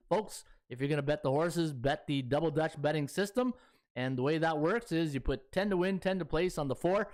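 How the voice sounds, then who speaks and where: A man hosting a sports betting podcast, chatting in a folksy way with lots of fillers. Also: on the high side. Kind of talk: casual chat.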